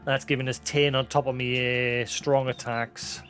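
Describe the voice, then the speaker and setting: A man's voice: medium pitch, little pitch movement, a little slow, fairly bright tone, faint music behind. A man streaming a video game, chatting casually and explaining as he plays, with many fillers. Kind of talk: casual gameplay commentary.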